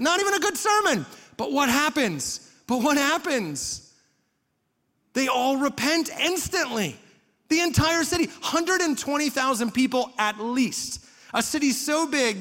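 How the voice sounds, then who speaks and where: A man's voice: very high-pitched, sharp tone, in a large hall. A man preaching a sermon as pastor, conversational, with rhetorical questions and dry humor.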